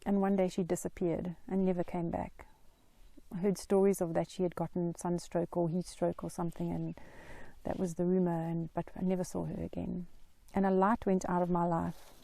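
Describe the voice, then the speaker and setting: Middle-aged woman, gravelly dark voice, earnest and reflective, dry close sound. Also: lowish voice, flat delivery, dry recording. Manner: earnest, reflective, slow and deliberate. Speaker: Christian mental health vlogger. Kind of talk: personal story told to camera.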